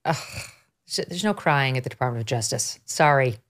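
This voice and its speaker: A woman's voice: extremely low pitch, expressive, fairly quick. A middle-aged woman hosting a political talk podcast, sarcastic and mocking as she talks through the news. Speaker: podcast host.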